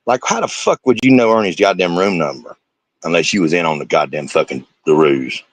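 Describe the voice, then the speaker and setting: A man's voice: low voice, expressive, a little fast, no echo. A man, a streamer giving angry, profane reaction commentary and confronting the people in the clips.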